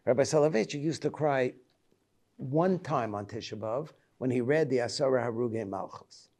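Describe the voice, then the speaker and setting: A rabbi in his seventies speaks at a middle pitch with a gravelly, creaky edge. His reflective holiday lecture moves haltingly as he recalls personal stories. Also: darkish tone. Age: 70s. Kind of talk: reflective Tisha B'Av lecture.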